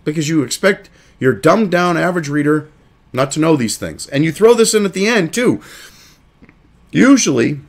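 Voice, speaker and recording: Animated, foul-mouthed male commentary host. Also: fairly high pitch, moderate pace, creaky. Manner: angry, sarcastic, heavy swearing; mocks others in put-on voices. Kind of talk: profane political commentary rant.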